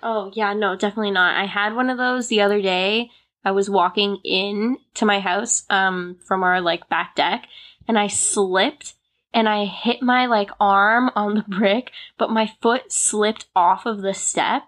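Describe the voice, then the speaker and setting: A young woman with a mid-range voice tells everyday stories in a loose, chatty way. She giggles often and fills her sentences with "like." Her delivery is relaxed and conversational. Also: mid-range voice, unhurried. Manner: chatty storytelling, giggly, many "like" fillers. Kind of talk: casual chat.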